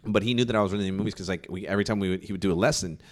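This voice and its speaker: A young man from California talks quickly in a lowish voice. He rambles in casual chat, swears often, and piles up fillers and restarts.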